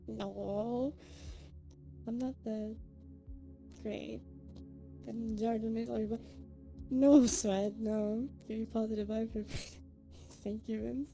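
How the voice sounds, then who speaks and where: A high-pitched woman streamer talking unhurriedly to her chat, excitable and emotional, thanking viewers one by one. She goes from giggling to choking up and back. Faint music plays behind her. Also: extremely slow, gravelly, pauses often. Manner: excitable, thanks viewers by name, swings between giggles and near tears. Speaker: live streamer.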